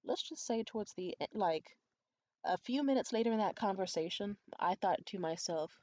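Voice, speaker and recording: A woman's voice: lively intonation, moderate pace, no room sound. A young adult woman vlogger telling a candid, profane story in a conspiratorial way. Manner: acts out quoted voices high and loud. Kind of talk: storytime vlog.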